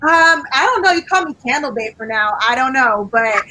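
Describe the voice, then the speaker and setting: Woman, business owner guest, laid back, a little husky, fairly high voice. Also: animated, moderate pace, pushed and bright, low-quality recording. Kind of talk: casual interview chat.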